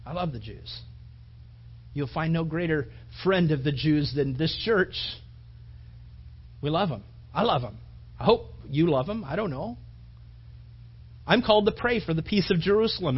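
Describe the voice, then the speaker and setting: A man's voice: on the high side, expressive, moderate pace, long pauses, breathy edge, lo-fi sound. A man pastor preaching a sermon in a casual, emphatic way, with frequent repetitions and asides to the congregation.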